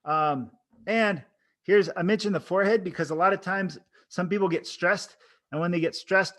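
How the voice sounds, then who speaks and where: An oral board coach speaks casually to camera, demonstrating expressions and vocal tones as he teaches. His voice sits high and is a bit bright, and he talks at a normal speed.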